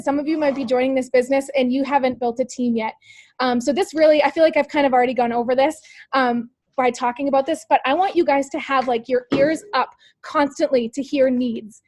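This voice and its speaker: This sales team leader has a high-pitched voice with a darkish tone. On an upbeat motivational call, she coaches her team directly, peppering them with rhetorical questions and constant "like" and "you guys."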